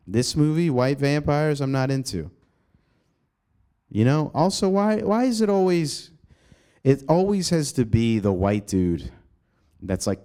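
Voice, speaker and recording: A male comedian hosting his own podcast, ranting casually and profanely, rambling with sudden jumps in pitch, recorded in an apartment. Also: mellow. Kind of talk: casual solo podcast rant.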